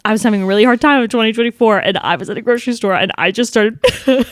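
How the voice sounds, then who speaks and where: A woman's voice: on the high side, racing, no echo, clean studio sound. Laughing, profane woman co-host. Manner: candid, profane, laughs often. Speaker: podcast co-host. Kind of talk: casual chat.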